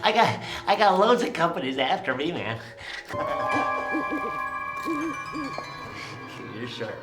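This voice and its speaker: A man's voice: on the high side, very animated, a little fast, voice pushed down. A man playing a washed-up TV prankster who sneers and mutters to himself. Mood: self-mocking. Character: bitter, washed-up male TV prankster. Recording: echoey room with music.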